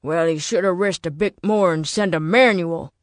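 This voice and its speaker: A man's voice: high-pitched, normal speed, dry recording, natural voice. A woman voicing a tired, fussy man who tinkers with radios, explaining himself in a dry, defensive way. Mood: weary.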